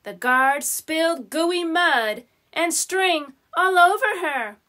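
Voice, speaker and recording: A woman reading a children's picture book aloud, slow, gentle and expressive. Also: very high-pitched. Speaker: storyteller.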